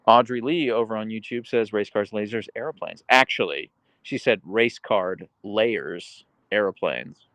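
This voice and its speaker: A man's voice: a little slow, a bit bright, dry recording. A man live streaming from home, casually chatting and reading viewer comments aloud, and talking to his dogs. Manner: reads chat aloud, chatty and meandering; baby talk to his dogs in high pitch. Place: home in Seattle.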